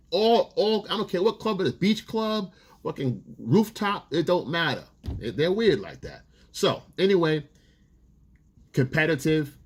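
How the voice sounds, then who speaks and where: A man's voice: mid-range voice, breathy edge. Blunt, profane man giving dating advice. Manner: blunt, profane, street-casual talk. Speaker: dating coach. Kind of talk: casual advice monologue.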